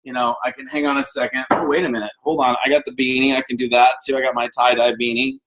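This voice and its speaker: A man in his fifties giving an energetic motivational talk on a video call, acting out the voices in his stories. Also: mid-range voice, quick pace, low-quality recording. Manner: energetic storyteller, acts out dialogue. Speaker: guest speaker.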